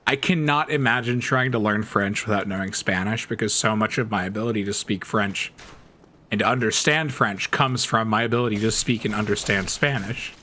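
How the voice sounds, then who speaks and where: A man's voice: fairly low pitch, normal speed, bright, forceful tone, slight background noise. A man streaming a game, telling stories in a rambling, chatty way and laughing often. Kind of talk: casual chat while gaming.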